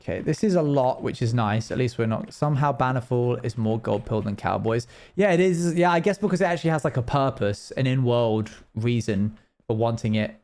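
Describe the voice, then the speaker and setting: A man's voice: medium pitch, brisk, darkish tone. A young man chatting casually and rambling while he plays a game on a live stream, laughing now and then.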